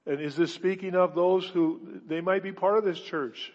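A fairly high-voiced male pastor preaching in a long-echoing church hall, heard through a dull, muffled recording. He drives his points home with repeated words and rhetorical questions, swinging from loud declarations to quiet, intimate asides. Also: fairly even intonation, normal speed. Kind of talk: sermon.

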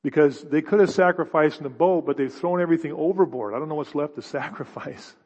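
Male pastor, fairly high voice, dramatic sermon delivery, lo-fi recording with long reverb. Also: fast talker, a little mellow, slightly rough. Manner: dramatic storytelling, stammered restarts. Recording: long reverb, dull lo-fi sound.

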